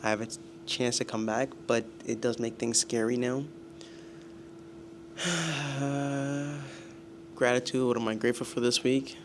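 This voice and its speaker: Young male vlogger, gravelly voice, exasperated and self-mocking, light noise underneath. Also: medium pitch, flat delivery, brisk, few pauses. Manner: self-deprecating, exasperated, groaning. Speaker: student vlogger. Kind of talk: casual vlog.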